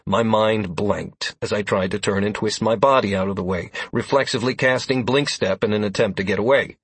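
A man reads an audiobook in a steady storytelling voice. His tone is husky, and the recording is dry and close. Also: fairly low pitch, fairly quick, dry recording. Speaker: audiobook narrator. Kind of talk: audiobook narration.

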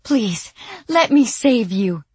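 A frantic, scolding middle-aged woman with a shrill, breathless voice, done by a woman reader. She pitches way up and pushes hard. The reading is dry and close, with a husky edge. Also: big pitch swings, slow pace, fairly bright tone, no room sound, full character voice. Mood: pleading.

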